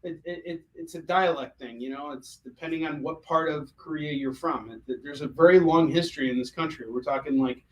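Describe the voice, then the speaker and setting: An American man hosting a livestream, selling comics and chatting casually in an animated, jokey way with many fillers and restarts. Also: a little high, fairly quick, hardly any pauses, rough recording.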